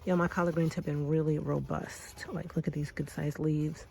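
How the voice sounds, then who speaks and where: Low, mellow woman chatting in her garden. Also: little pitch movement, moderate pace, vocal fry, a little hiss or hum. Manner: chatty, sighing, addresses viewers as y'all. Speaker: homestead vlogger. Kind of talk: casual garden vlog. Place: outdoor backyard garden.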